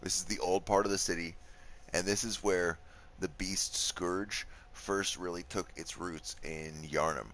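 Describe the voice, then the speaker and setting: Man, deep voice; laid-back gameplay commentator who thinks aloud. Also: unhurried, slight background noise. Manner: relaxed, thinks aloud, swears at enemies. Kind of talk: casual let's play commentary.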